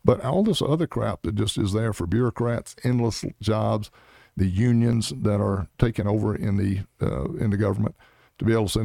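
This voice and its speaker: A man's voice: fairly low pitch, moderate pace, gravelly, warm tone, no echo, studio quality. A middle-aged man, a Senate candidate in a political interview, talking bluntly in punchy, emphatic short statements.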